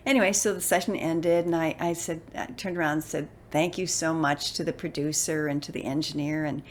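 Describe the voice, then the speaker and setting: A woman in her sixties telling a personal story in an animated, expressive way, acting out the voices she quotes. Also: deep voice, fairly quick, few pauses, slight background noise. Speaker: motivational speaker and voice actor.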